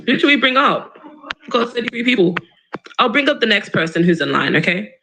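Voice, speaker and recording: A man hosting a live stream, arguing combatively and cutting in with quick rebuttals. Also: high voice, big pitch swings, background noise. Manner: combative, interrupting, fast rebuttals. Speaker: livestream host. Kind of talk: argumentative live-stream debate.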